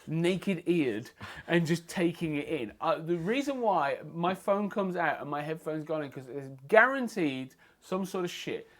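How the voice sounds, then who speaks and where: A man, a fight photographer talking as a podcast guest in a blunt, lively, profane storytelling manner. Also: on the high side, measured pace. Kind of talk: casual podcast chat. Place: martial arts gym.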